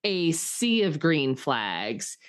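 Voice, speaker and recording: Chatty woman with a low voice. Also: very animated, drawn-out words, clear, resonant tone. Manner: chatty, rambling, lots of "like" fillers; gets emotional and enthusiastic. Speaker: podcast co-host. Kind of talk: casual chat.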